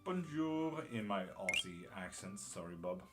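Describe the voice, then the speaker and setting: Guy doing a live tarot stream, lowish voice, blunt and casual, faint music behind. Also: moderate pace. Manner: casual and blunt, swears, greets viewers by name.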